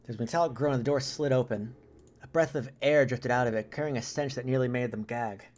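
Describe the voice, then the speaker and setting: A man's voice: mid-range voice, fast talker, darkish tone. A man streamer reading a visual novel aloud, breaking in with casual joking asides.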